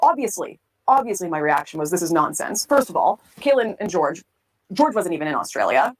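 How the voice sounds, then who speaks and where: A woman recounts her political past at a quick clip, candid and reflective. Her voice sits fairly low, and she slips into brief impressions when she quotes others. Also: big pitch swings, slightly rough, poor audio. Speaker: political commentator telling her story. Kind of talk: storytelling interview.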